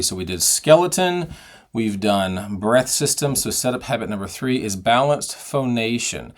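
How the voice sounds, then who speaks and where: A middle-aged singing teacher explains vocal technique and demonstrates sounds and sung phrases. His medium-pitched voice is animated and unhurried.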